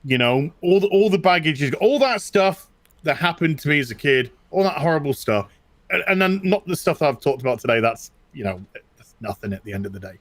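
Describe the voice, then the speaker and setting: A man's voice: on the high side, fairly quick, dry recording. A middle-aged British man in casual chat, telling personal stories with lots of restarts and repetition. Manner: animated, repeats himself, tells stories. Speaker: co-host.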